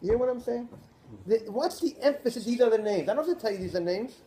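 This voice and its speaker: A man, a rabbi, giving a Torah class lecture in an animated way, posing rhetorical questions to his listeners. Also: extremely high pitch, quick pace, slight background noise.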